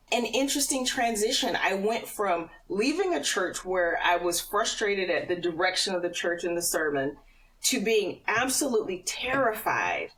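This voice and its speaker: A middle-aged woman telling a personal faith story as a podcast guest, animated and often laughing. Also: mid-range voice, distant mic, poor audio. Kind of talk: personal testimony in casual conversation.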